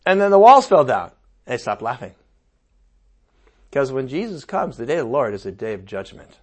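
A man preaching a sermon in a conversational, animated way, with playful asides and sudden outbursts. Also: medium pitch, normal speed.

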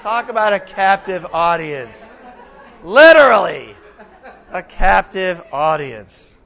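A man teaching a Bible lesson in a casual, animated sermon style, often asking his listeners questions. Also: high-pitched, slow, gravelly, highs cut off, a faint crowd. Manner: animated, conversational, asks the audience questions.

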